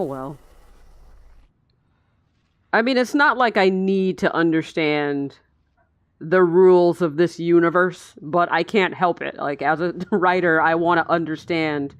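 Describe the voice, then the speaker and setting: Seated in a chair indoors, a woman with a lowish voice gives casual live commentary while watching a film. She's chatty and sarcastic, swearing and laughing a lot, with no echo on the audio.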